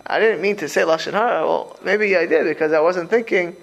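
Man, rabbi giving a casual Torah class, high voice, gravelly edge, conversational, repeats himself. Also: a little fast, dull audio, noisy background. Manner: animated, conversational, repeats words while restarting; talks straight to the listeners with rhetorical questions. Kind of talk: informal Torah lecture.

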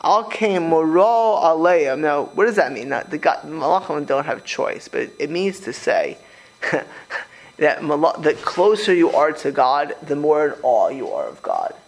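Fast-talking animated rabbi. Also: male voice, fairly high pitch, vocal fry, low-quality recording. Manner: rapid, animated, with many restarts and repeated words. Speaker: rabbi giving a Torah class. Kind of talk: informal sermon to a group.

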